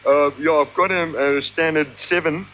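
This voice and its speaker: A South African man stammers and hesitates his way through a prank phone call, eager and a little halting. His voice sits fairly high for a man, with a faint hiss behind it. The sound is dull and lo-fi, like an old taped radio broadcast. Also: steady tone. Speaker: prank caller.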